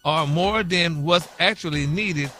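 A high-pitched, bright-sounding man, joking through a radio segment. His pitch leaps all over as he stumbles over a word, and light music plays underneath. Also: unhurried. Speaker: radio show regular doing a word segment. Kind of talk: comedic radio banter.

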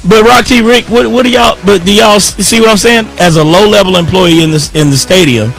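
A man's voice: high-pitched, brisk, creaky, a bit bright, faint music behind. A man co-hosting a morning radio show, making his point in casual banter. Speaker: radio co-host.

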